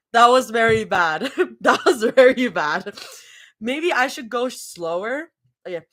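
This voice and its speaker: A woman's voice: a little high, lively intonation, a little slow, a bit bright. A woman cold-reading fanfiction live, breaking off into giggly, chatty asides. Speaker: fanfiction reader.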